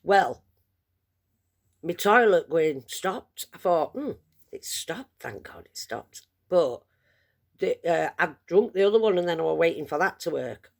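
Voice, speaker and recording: A woman's voice: on the low side, animated, measured pace, gravelly. A woman chatting to camera, telling a long story in a rambling, self-mocking way. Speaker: vlogger. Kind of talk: casual storytelling.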